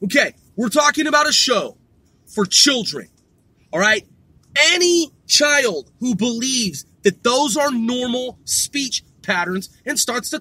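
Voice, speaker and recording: A man's voice: very high voice, big pitch swings, slow pace, pushed and bright, dry recording. A middle-aged man ranting in an exasperated, profane way, repeating himself and swearing constantly. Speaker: vlogger. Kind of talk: ranting monologue.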